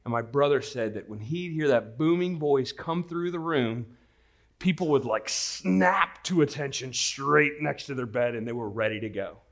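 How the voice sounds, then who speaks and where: A man preaching a sermon, moving from a quiet, earnest prayer into lively storytelling to his congregation. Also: medium pitch, moderate pace. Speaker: pastor.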